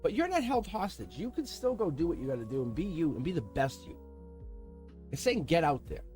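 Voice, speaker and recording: A male tarot reader with a fairly high voice that swings all over as he rambles through a casual reading, chatting to his cards and chuckling. Soft music plays faintly behind him. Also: brisk. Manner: animated, rambling, talks to the cards and laughs.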